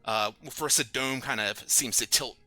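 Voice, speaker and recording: Bright-voiced man narrating as game master. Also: mid-range voice, no room sound, soft background music. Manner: descriptive, unhurried with fillers.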